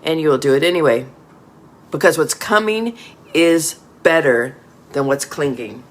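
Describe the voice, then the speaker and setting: A man's voice: on the high side, animated, measured pace, a bit bright. A man reading a scripted motivational speech in a firm, emphatic way.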